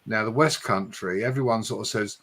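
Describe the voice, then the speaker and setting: A man with an accent that mixes Essex and London, hosting a late-night live stream in a chatty way and speeding up when he gets excited. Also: lowish voice, fairly quick. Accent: mix of Essex and London English. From Hertfordshire, England. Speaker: livestream host.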